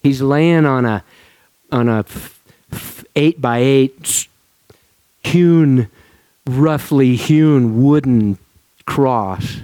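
Halting, chatty man preaching. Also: medium pitch, mellow, clear, resonant tone, no echo. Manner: informal, halting, with many restarts and laughs. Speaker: pastor. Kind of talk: conversational sermon.

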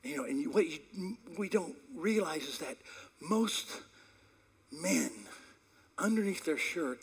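A man preaching a sermon in a conversational storytelling way, swinging between sudden loud peaks and hushed asides. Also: on the high side, expressive, measured pace, slightly rough. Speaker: pastor.

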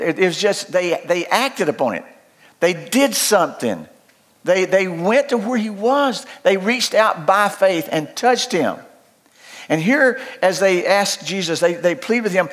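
An older man preaching a sermon in a loud, folksy, emphatic way, often restarting his phrases. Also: on the high side, expressive, normal speed. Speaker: pastor.

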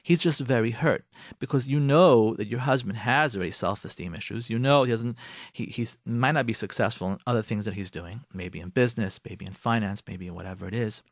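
A man's voice: fairly low pitch, brisk, dry recording, clean studio sound. A man hosting a radio talk show, giving marriage advice in an emphatic, repetitive way. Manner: emphatic and repetitive, animated acted-out quotes.

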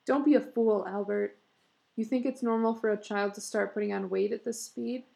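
A woman reading the part of an anxious, sharp-tongued young mother who talks in a tense, scolding way. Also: medium pitch, fairly even intonation, normal speed, gravelly.

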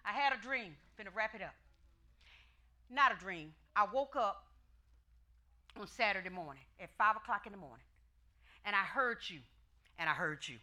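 A woman's voice: medium pitch, expressive, moderate pace, pauses often, bright, forceful tone. A woman pastor preaching a fervent, emphatic sermon with folksy, conversational asides to her congregation.

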